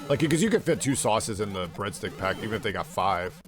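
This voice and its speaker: A man's voice: on the low side, big pitch swings, a little fast, faint music behind. A young man streaming a game and chatting casually, rambling through a story full of "like" and swearing freely. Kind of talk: casual chat while gaming.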